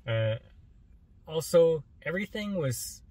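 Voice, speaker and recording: Man, co-host, casual review chat, halting, repeats words, dry sound. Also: on the high side, animated, a little mellow, no echo.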